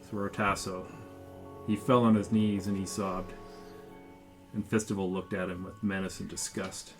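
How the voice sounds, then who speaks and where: A man narrating a tabletop game as the game master, telling the story at an unhurried pace with occasional fillers. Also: low voice, little pitch movement, creaky. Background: background music.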